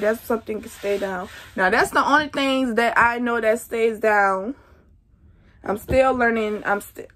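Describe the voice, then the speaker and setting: A woman's voice: fairly high pitch, a bit bright. A young woman chatting to her viewers in a casual pregnancy update vlog, feeling nauseous. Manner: chatty, talks straight to viewers as y'all. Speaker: vlogger.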